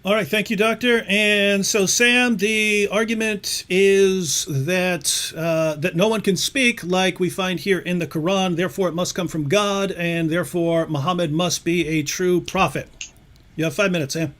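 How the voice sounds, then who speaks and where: A man's voice: high-pitched, steady tone, unhurried, fairly bright tone. A man moderating a debate, summarizing an argument and handing over the floor.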